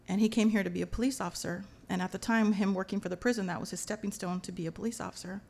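A woman from Los Angeles telling a personal story as a lively, dramatic monologue, mixing in Spanish slang. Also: medium pitch, racing, creaky. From Los Angeles, USA.

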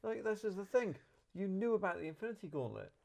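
A man reviews a film in loose, casual chat. He is animated and rambles, often stopping mid-sentence to rephrase. His voice is dark and mellow. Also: sits high, fast talker, gravelly. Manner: rambling, animated, self-correcting.

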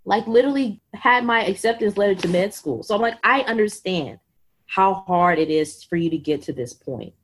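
A woman in her thirties, a podcast guest telling her own story in an animated, exasperated way. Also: lowish voice. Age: 30s. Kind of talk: conversational storytelling.

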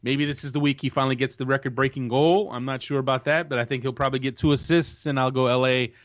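A man's voice: medium pitch, steady tone, quick pace. A man hosting a soccer podcast, chatting casually and confidently giving match predictions, often restarting his sentences. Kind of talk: casual sports chat. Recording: dull lo-fi recording.

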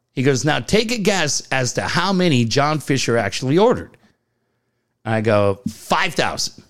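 A middle-aged man co-hosting a podcast, telling stories in casual chat, acting out the dialogue and swearing freely. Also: mid-range voice. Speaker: podcast co-host.

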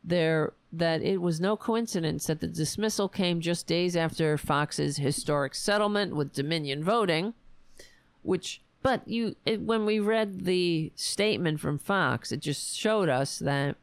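A woman hosting a ranting political commentary show, sarcastic and exasperated, and her voice is going hoarse. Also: on the low side, unhurried, dry recording. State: losing her voice.

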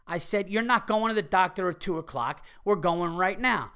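Bright, excitable ranting man. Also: high-pitched, normal speed, clear, resonant tone. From Italian-American heritage. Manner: profane, excitable, ranting with laughs. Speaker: podcast host reading listener emails. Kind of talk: casual comedic podcast rant.

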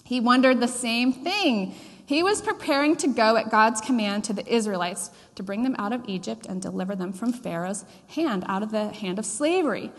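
A woman's voice: a little high, expressive, normal speed, long reverb tail. A woman pastor preaching a sermon, telling a story with frequent fillers.

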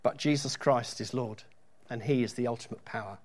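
A middle-aged man preaching a sermon at an ordinary, middling pitch. He keeps it conversational, slips in joking asides, and leans into scripture when he reads it out. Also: brisk. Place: church.

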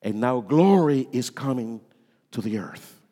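A man preaching a sermon as pastor, dramatic, swinging between loud lines and hushed ones. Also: mid-range voice, expressive, measured pace. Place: church sanctuary. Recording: long reverb of a church hall.

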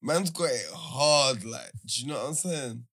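Bright-voiced young man. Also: medium pitch, unhurried. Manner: slangy, teasing. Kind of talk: casual banter.

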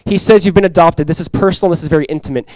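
Young male pastor preaching, earnest, repeats phrases, slightly higher voice, dry close sound. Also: very fast, dry recording, low-quality recording. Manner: earnest, repeats key phrases, drops to soft intimate tones. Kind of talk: sermon.

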